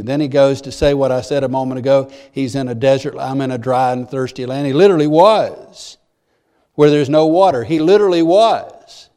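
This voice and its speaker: A man's voice: mid-range voice, moderate pace, dark tone. A man preaching a sermon in church, earnest and repeating key phrases for emphasis. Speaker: pastor.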